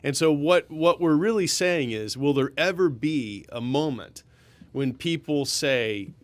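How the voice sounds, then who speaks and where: A man's voice: on the high side, a little slow, no echo. A man in casual podcast chat, reflective and chiming in often. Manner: reflective, frequent agreeing interjections.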